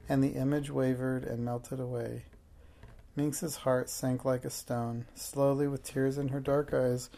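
A narrator reading a children's chapter book aloud in a gentle, even manner. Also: mid-range voice, creaky. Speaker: storybook narrator.

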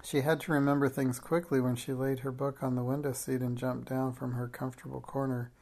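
An audiobook reader narrates a classic children's story in a flat, steady voice. The pitch barely moves, and the reading is measured and plain. Small slips now and then show it is read aloud live.

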